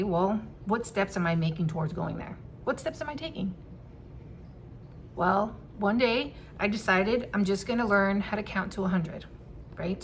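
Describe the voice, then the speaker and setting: A woman telling a personal story to camera in a casual vlog, candid and quick to swear and laugh. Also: medium pitch, slight background noise. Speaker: vlogger.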